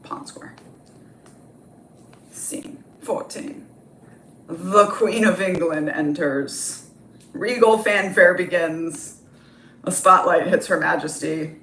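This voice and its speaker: A woman's voice: on the low side, slow, pauses often, a bit bright, roomy sound, a little hiss or hum. A woman reading a comedy script aloud, with casual, offhand asides. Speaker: script reader.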